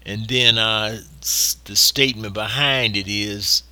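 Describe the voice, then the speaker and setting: A man preaching a sermon, slow and deliberate, leaning on emphatic pauses. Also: on the low side, steady tone, sharp tone, clean tone, dry recording.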